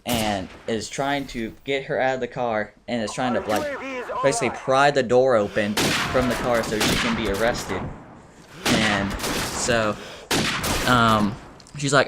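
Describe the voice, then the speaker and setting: A man with a mid-range voice speaks at a measured pace while casually telling a story over a video game, rambling and swearing with lots of filler words. He narrates gaming videos, and the background is noisy with loud gunfire from the game.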